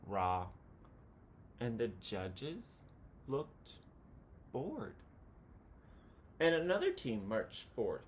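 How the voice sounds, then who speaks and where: A man reading a children's picture book aloud, chanting the counting cheers with animated delivery. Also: medium pitch, drawn-out words, long pauses, a little hiss or hum.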